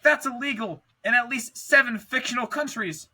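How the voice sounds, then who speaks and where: A man voicing an excitable male detective banana in a comic story, delivering dramatic exclamations. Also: extremely high pitch, moderate pace, pitched above the performer's own voice, exaggerated voice. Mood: alarmed.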